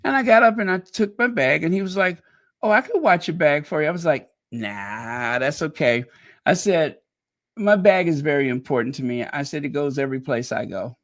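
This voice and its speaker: A middle-aged man from Chicago telling a rambling personal story in a casual monologue, animated and quick to laugh at himself. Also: fairly high pitch. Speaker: channel host.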